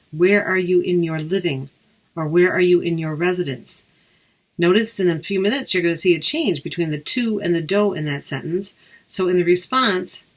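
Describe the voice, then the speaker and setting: A woman with a slightly low voice leads a beginner lesson. She is patient and slows down to repeat each phrase for her listeners. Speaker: Irish language teacher. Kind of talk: language lesson.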